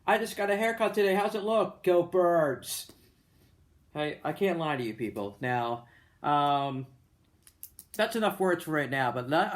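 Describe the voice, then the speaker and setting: A man with a Delco Philadelphia-area accent, talking to camera in a chatty, rambling way with lots of fillers and jokey asides. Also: fairly high pitch. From Delaware County, Pennsylvania. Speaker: vlogger. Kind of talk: casual explanatory monologue.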